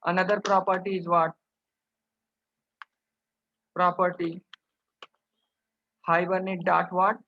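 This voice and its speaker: A man's voice: high voice, level tone, slow pace, gravelly, pauses often. A man teaching a coding lesson over his screen, who keeps asking rhetorical questions and calls his viewers "guys". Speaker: programming instructor. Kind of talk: screen-recorded coding tutorial. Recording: dull lo-fi sound.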